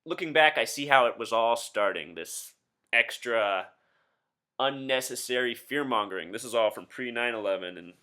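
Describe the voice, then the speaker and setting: A man's voice: mid-range voice, animated, moderate pace, pushed and bright, smooth. A man in his thirties hosting a solo commentary video, talking insistently to his viewers with rhetorical questions. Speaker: video host.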